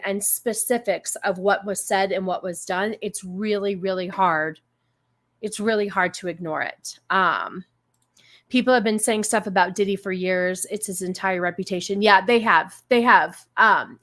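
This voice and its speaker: A woman's voice: mid-range voice, a bit bright. Chatty woman hosting a live stream. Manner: chatty, greets viewers, hesitant fillers. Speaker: stream host. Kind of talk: casual live-stream chat.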